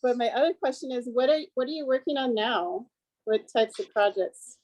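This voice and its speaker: Female host for a casual film chat, dry close sound, easy laughs, gentle questions. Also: on the high side, moderate pace, no echo, rough recording. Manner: warm listener, laughs often, gentle questions.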